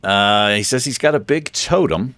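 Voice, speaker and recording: A man's voice: on the low side, animated, moderate pace, fairly bright tone, no room sound. A man hosting a let's play, chatting casually and thinking aloud with a self-deprecating streak as he plays. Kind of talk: casual gameplay commentary.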